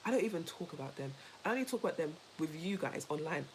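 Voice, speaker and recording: A woman co-hosting a casual chat, telling a story in an animated, emphatic way, repeating herself and laughing easily. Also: low-pitched, quick pace, slight background noise, rough recording. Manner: laughs easily while talking. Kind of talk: casual chat with a co-host and viewers.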